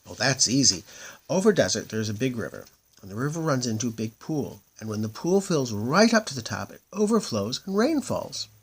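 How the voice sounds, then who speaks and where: A man's voice: mid-range voice, sing-song, normal speed, breathy edge. A man voicing the helpful moon people, who chatter and explain eagerly in a storybook reading.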